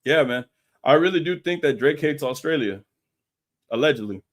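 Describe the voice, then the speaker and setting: A man's voice: a little high, expressive, normal speed. A man hosting a casual live stream, talking in a slangy, profane way and laughing often.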